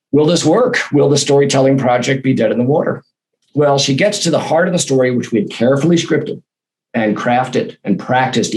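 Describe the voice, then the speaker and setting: A man telling a personal anecdote in a lively, animated way, acting out the voices in his quotes. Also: medium pitch, rough recording. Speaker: guest, storytelling consultant.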